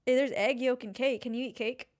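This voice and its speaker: A woman's voice: a little high, fairly even intonation, a little fast. A woman co-hosting a podcast, chatting in a playful, crude and teasing way. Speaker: podcast co-host. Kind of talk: casual podcast chat.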